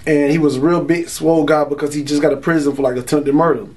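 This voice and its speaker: A man's voice: a little high, fairly even intonation, fast, a little mellow. A young man talks in a slightly raised register. He tells a personal testimony in loose streetwise slang, leaning on "you know" and "y'all". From Florida, US. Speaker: man giving a religious testimony. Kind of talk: casual spoken testimony.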